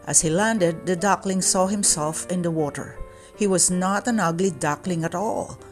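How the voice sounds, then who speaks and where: A woman reading a children's storybook aloud in a calm, measured way. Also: lowish voice, faint music behind. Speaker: children's book reader.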